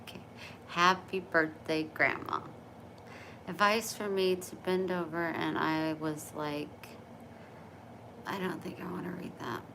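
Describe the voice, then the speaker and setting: A woman's voice: on the low side, steady tone, a little slow, a little hiss or hum, low-quality recording. A woman livestreaming from her bedroom at night on her phone, chatty and encouraging as she reads and answers viewer comments. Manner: chatty, encouraging, laughs easily. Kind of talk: casual livestream chat.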